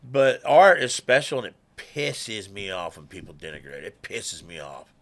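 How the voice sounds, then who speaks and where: A man, a musician guest telling stories in casual talk, animated and swearing freely. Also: lowish voice, moderate pace. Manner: animated, swears freely, acts out quoted people. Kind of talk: casual conversational storytelling.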